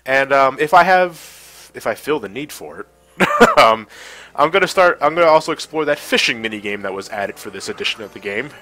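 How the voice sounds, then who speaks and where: Stream host, male, congested from a cold, lively bright delivery, chatty, faint music behind. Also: medium pitch, fairly quick, rough recording. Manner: chatty, laughs often, reads chat aloud. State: stuffy from a cold. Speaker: livestream host. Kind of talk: casual gameplay commentary.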